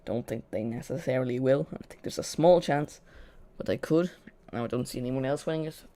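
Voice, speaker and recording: A host talks through a live football match for viewers following along, in a loose, unscripted flow. The voice sits at an ordinary middle pitch, and sentences often restart midway. Dry, sarcastic asides land between the match talk. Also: brisk, mellow. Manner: chatty, self-correcting, dry sarcasm.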